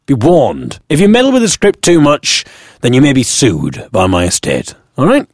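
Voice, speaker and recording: A man's voice: mid-range voice, huge pitch swings, moderate pace, no echo. Wry British man telling a comic story. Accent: British English. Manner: wry, dry, self-mocking asides. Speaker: blogger narrating his own story. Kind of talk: comic first-person storytelling.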